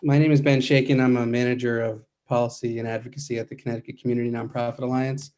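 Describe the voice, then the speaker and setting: Flat-voiced man giving formal testimony. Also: mid-range voice. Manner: measured, many uh fillers. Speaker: nonprofit policy advocate.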